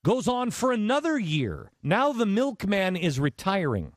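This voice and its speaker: A man hosting a talk radio show, telling a story in a conversational, animated way with many restarts. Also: high voice, a little slow, no echo, studio quality.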